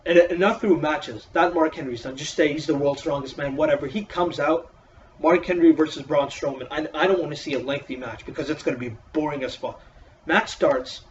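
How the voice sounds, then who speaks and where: A man's voice: medium pitch, darkish tone, far from the mic, lo-fi sound, slight background noise. A man casually reviewing a wrestling show in a profane, exasperated, sarcastic rant.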